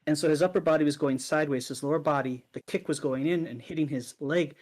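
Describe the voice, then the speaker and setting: A man co-hosting a casual podcast chat, telling a personal story in an animated way and acting out the other people's lines. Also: on the high side, fast talker. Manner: animated storyteller, acts out quoted voices. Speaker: podcast co-host.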